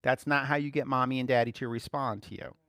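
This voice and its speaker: A man giving conversational Bible teaching as a preacher, relaxed, laughing lightly and repeating key phrases. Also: medium pitch, fast talker, no room sound, clean studio sound.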